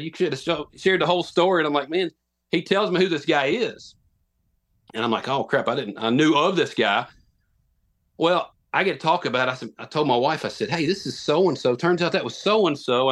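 A man's voice: medium pitch, a bit bright. Guy in his thirties, chatty podcast guest, rambles and laughs at himself. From Tennessee. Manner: rambling, self-deprecating, many restarts. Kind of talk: casual storytelling.

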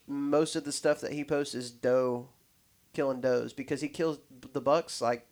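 A man's voice: mid-range voice, steady tone, measured pace, darkish tone. A man in casual podcast chat, talking in loose, rambling sentences full of restarts and fillers.

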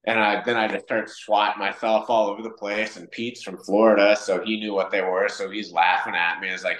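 Deep-voiced man telling stories animatedly. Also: fairly quick, hardly any pauses. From Wisconsin. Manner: animated, acts out quoted dialogue. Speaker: podcast guest. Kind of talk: casual storytelling in conversation. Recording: roomy echo.

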